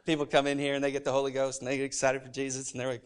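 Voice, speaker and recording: A pastor preaching a sermon in a church, animated and emphatic, with joking asides. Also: male voice, medium pitch, racing, smooth. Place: church sanctuary.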